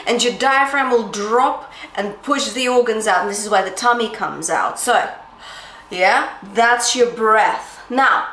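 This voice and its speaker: A woman's voice: measured pace, a bit bright, reverberant, a little hiss or hum. A woman vocal coach giving a singing lesson, encouraging and checking in with "yeah?" and "okay?", breaking off to demonstrate sung phrases. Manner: demonstrates sung phrases and light falsetto between explanations.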